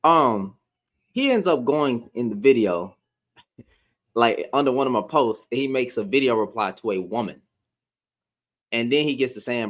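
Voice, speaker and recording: A man's voice: on the low side, expressive, moderate pace, pauses often, fairly bright tone. A man ranting to his followers in a blunt, heated, profane way, repeating himself and restarting lines as he gets worked up. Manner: blunt, heated, profane, rising to exasperated outbursts. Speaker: social media commentator. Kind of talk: heated casual rant to followers.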